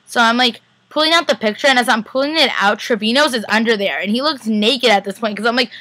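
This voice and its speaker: Fast-talking excited young woman. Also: on the high side, slight background noise, low-quality recording. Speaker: vlogger. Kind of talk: casual chat.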